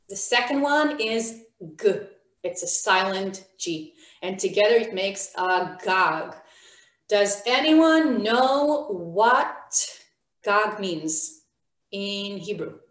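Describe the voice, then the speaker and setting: A woman's voice: mid-range voice, fairly bright tone, echoey room. Encouraging woman teaching online. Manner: encouraging, questions students by name. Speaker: Hebrew teacher. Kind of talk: online beginner language class.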